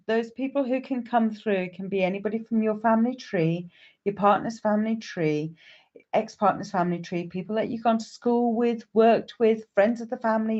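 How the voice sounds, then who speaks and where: A woman's voice: mid-range voice, darkish tone, muffled recording. A woman, a psychic medium, chatting on a live stream and greeting viewers by name.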